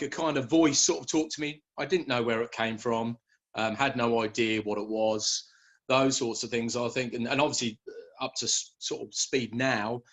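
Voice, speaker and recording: A man, a guest telling his story in a relaxed interview, often hesitating with fillers and restarts. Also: mid-range voice. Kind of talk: conversational interview.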